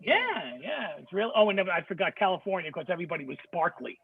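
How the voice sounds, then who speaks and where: A man telling stories in a casual group chat over a video call, lively and imitating the voices of the people he quotes. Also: high-pitched, a little fast, vocal fry, slightly rough. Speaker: book club participant. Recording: tinny phone-like video call audio.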